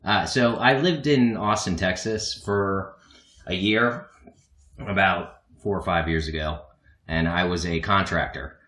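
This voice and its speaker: A man's voice: deep voice, unhurried, a bit bright. A man co-hosting a podcast, telling a long self-mocking story in a rambling, casual way and laughing often. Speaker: podcast co-host. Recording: echoey room.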